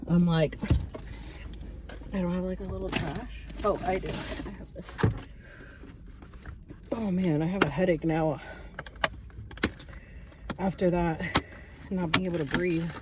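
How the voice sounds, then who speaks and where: A woman chatting to the camera in a casual vlog from a parked car, bubbly and chatty, acting out what others said in a high voice. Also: a little slow, long pauses, noisy background. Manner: chatty and bubbly, retells with excited high quotes. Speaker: vlogger. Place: parked car on a road trip.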